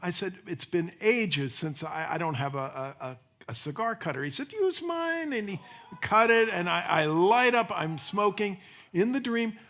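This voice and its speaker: An older man preaches in a relaxed, anecdotal way, pausing to chuckle and restart his sentences. His voice sits slightly higher than most men's. It sounds like a sermon delivered in a church. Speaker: minister. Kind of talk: sermon with personal storytelling. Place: church sanctuary.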